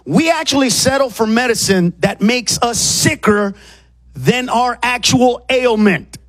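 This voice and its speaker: High-voiced ranting stand-up comedian. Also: male voice, measured pace. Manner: ranting, exasperated, acts out shouted exchanges. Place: comedy club with a laughing audience. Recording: live club recording with crowd noise.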